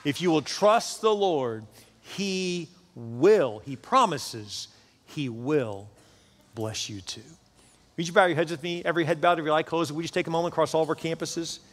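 A man's voice: a little high, animated, normal speed. A male pastor preaching fervently to his congregation, often repeating words for emphasis. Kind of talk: sermon. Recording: long hall reverb.

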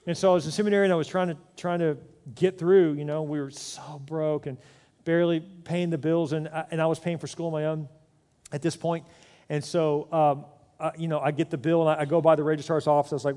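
A male pastor preaching a sermon, telling personal stories with emphatic, animated delivery and frequent restarts. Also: on the high side, fast talker. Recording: long hall reverb.

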